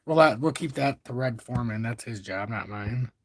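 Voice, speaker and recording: A man's voice: medium pitch, normal speed. A man hosting a casual crypto livestream, talking through charts in a rambling, profane, self-correcting way.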